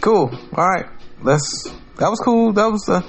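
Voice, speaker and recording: A man's voice: high voice, lively intonation, unhurried, faint music behind. A man hosting a podcast, talking in a blunt, profane, rambling monologue full of restarts. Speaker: podcast host. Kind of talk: casual monologue.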